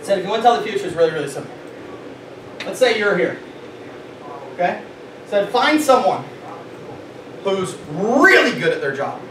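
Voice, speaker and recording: A man leading a sales meeting, giving an animated motivational talk to a live audience and quizzing them with questions. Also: high voice. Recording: echoey room, far from mic, noisy.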